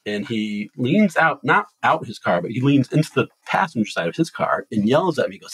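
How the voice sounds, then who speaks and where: Husky man telling a rambling story. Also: mid-range voice, normal speed, few pauses, low-quality recording. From Massachusetts. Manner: rambling animated storytelling with restarts. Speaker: podcast host telling a story. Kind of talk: casual chat.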